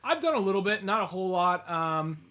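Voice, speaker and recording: A man co-hosting a comedy podcast, tossing in quick jokes and quips while chatting about video games. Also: high voice, very animated, pushed and bright. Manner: jokey, eggs on the other host with quick quips. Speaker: podcast co-host.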